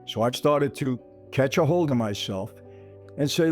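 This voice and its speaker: Faint music sits behind this unhurried, animated storytelling monologue from a man hosting a podcast. His voice is medium in pitch and a little mellow. Talking straight to "people," he brings his personal tale to life by acting out what everyone said.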